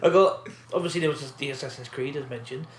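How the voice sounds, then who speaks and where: A man co-hosting a podcast, chatting casually, animated and rambling with fillers and frequent laughs. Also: medium pitch, fast talker, crowd noise. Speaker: podcast co-host. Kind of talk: casual chat. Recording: echoey room, faint background noise.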